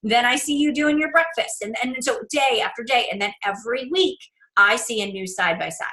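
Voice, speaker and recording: A woman's voice: fairly high pitch, fairly quick, bright, forceful tone, poor audio. A woman business coach presenting on a group call, chatty and informal, often checking in with "right?". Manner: chatty, talks to herself aloud, many "right?" tags.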